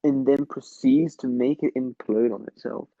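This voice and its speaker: A man chatting loosely on a podcast, cursing often and laughing at his own jokes. His voice sits at a middle pitch. The sound is dull and dry, as though recorded close in a small space. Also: moderate pace, warm tone, no room sound. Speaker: podcast co-host. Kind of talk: casual chat.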